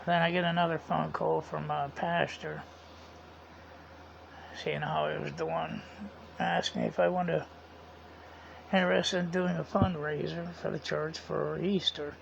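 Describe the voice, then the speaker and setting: Unhurried and level, the vlogger pauses often as his strongly gravelly, slightly high voice works through a casual story. He rambles, quoting conversations line by line with "I said" and "he said," and the dull lo-fi sound has some background noise.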